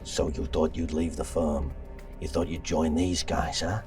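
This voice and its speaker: A man's voice: a bass voice, little pitch movement, a little slow, over music, pitched below the performer's own voice. A man voicing a menacing gangster uncle who needles and accuses. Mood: scornful.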